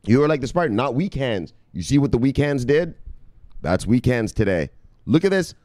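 A man in the middle of his range delivers a fired-up, profane pep talk to his viewers. His pitch is lively and swings widely as he keeps punching in "bang". The recording is dry, with no room echo. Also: moderate pace. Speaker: crypto video host. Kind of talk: hyped pep-talk vlog.

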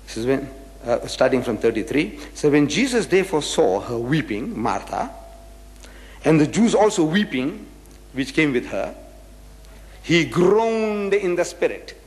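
A man's voice: on the high side, big pitch swings, a little slow, a little mellow. A man giving a religious lecture, reading scripture verses aloud and explaining them with rhetorical questions. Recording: echoey hall with long reverb.

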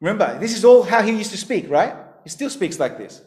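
A man preaching a sermon as pastor, emphatic, his voice rising and falling in pitch and volume. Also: big pitch swings, fairly quick, a little mellow. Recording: echoey hall.

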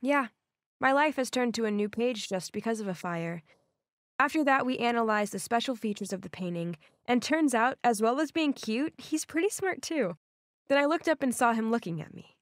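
A woman narrating a first-person animated story in a scripted, expressive way. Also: fairly high pitch, no room sound, studio quality.

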